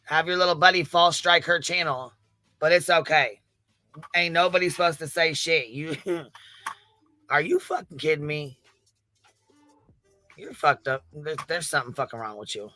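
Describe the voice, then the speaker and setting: A man's voice: a little high, normal speed, long pauses, bright, forceful tone, faint music behind. A man giving heated, profanity-laced livestream commentary, ranting in disbelief. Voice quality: swears constantly, incredulous ranting.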